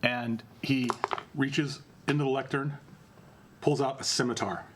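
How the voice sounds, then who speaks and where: A man's voice: mid-range voice, background noise. Man narrating as game master. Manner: relaxed, halting narration with fillers. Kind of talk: narrating a tabletop role-play game.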